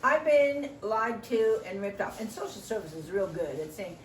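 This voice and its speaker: A woman's voice: medium pitch, moderate pace, hardly any pauses, reverberant, far from the mic, a little hiss or hum, poor audio. A middle-aged woman training volunteers in a meeting room, joking often and acting out what other people say. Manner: animated, joking, acts out quoted voices.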